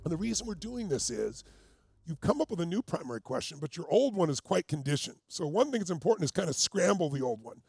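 A man's voice: fairly high pitch, sing-song, quick pace, gravelly, darkish tone, husky, no echo, faint music behind. A man as a motivational coach, leading a live group exercise with urgent, commanding, repeated cues.

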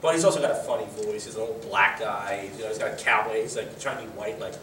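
A male comedian in casual chat, telling rambling stories with quick laughs. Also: fairly low pitch, a bit bright. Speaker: comedian, podcast host. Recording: echoey room, mic at a distance, faint noise.

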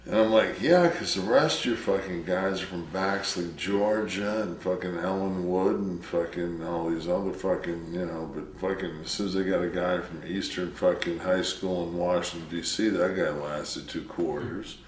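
A man's voice: low-pitched, normal speed, few pauses. A man from Detroit telling rambling stories in casual, profane chat, swearing constantly. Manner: rambling, heavy swearing, storytelling. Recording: roomy sound from a distance with faint noise.

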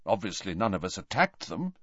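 A man voicing a calm adult teacher figure who speaks firmly. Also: deep voice, brisk, slightly rough, no room sound, highs cut off, full character voice. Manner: firm.

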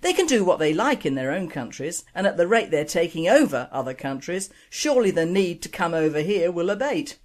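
A woman's voice: lowish voice, big pitch swings, a little fast, hardly any pauses, a little mellow. A woman hosting an online radio show, reading opinionated scripted commentary and jokes. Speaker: radio host.

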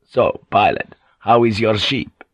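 A man voicing a stiff, coldly formal Jesuit priest who speaks in a measured way. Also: lowish voice, lively intonation, breathy edge, no echo, exaggerated voice.

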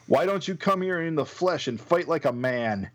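A man's voice: on the high side, lively intonation, normal speed, fairly bright tone, pitched above the performer's own voice. A man reading a comic aloud and voicing a young male hero who resents his mother, the president, speaking indignantly. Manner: indignant, sarcastic.

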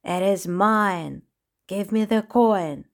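A woman voicing a wicked, slow-talking clown ostrich. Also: mid-range voice, natural voice. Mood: wicked, spiteful. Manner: slow, menacing, smirking. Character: wicked spiteful male clown ostrich, villain. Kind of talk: storybook reading.

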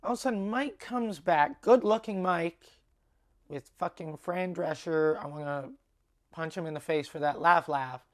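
A woman comedian talking casually on her own podcast, swearing freely and acting out what people said in quick bursts. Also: lowish voice. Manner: animated, swears, acts out dialogue in quotes. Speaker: stand-up comedian. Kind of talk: casual solo podcast storytelling.

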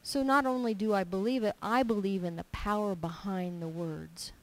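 Here a woman of medium pitch speaks at normal speed on a low-quality recording, giving a relaxed sermon drawn from her own life. Emphatic and repetitive, she hammers home what matters most. Her storytelling is animated, with mini-dialogues acted out in her own voice.

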